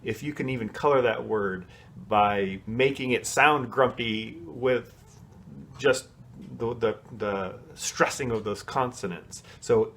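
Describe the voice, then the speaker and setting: A male music teacher coaches a children's choir on song solos, explaining them in a relaxed, chatty way and singing short snatches to demonstrate. His voice is medium-pitched, and he takes things slowly.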